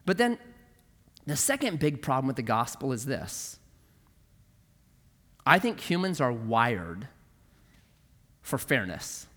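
Male pastor, middle-aged, sermon delivery. High, bright voice that swings widely in pitch, with a long hall reverb. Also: unhurried, long pauses. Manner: animated storytelling, acting out quoted voices.

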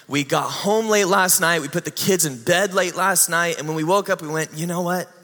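A man voicing a tired young mother explaining why her family nearly skipped church. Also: moderate pace. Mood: sheepish. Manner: soft, lower and quieter. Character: tired young mom, sheepish and relieved. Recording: long hall reverb.

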